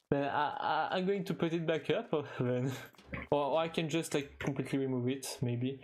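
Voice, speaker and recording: The speaker is a young man from France, a streamer with a French accent, whose slightly high voice carries a darkish tone. He talks casually to viewers mid-game, halting and restarting his sentences, stumbling on fillers, with a chuckle here and there.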